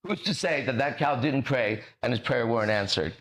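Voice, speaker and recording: A male podcast host who speaks in an emphatic, preachy way in a mid-pitched voice. He swears freely and trips over words as the ideas come to him. His delivery stays casual. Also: animated, fairly quick, fairly bright tone. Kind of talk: motivational conversation.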